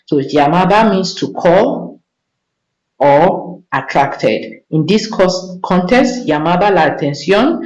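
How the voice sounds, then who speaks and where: Slow, patient woman teaching vocabulary. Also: on the low side, animated, a little mellow. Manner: patient, repeats words slowly for learners. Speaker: Spanish teacher. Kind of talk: vocabulary lesson. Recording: echoey room, dull lo-fi sound.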